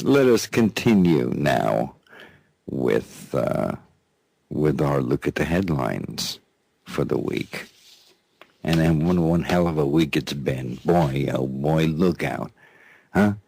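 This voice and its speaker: Gravelly, sarcastic male radio host. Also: extremely low pitch, expressive, slow pace, pauses often, a little mellow, no echo. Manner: mocking, laughs often, repeats himself. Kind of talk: sarcastic news commentary. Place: radio studio.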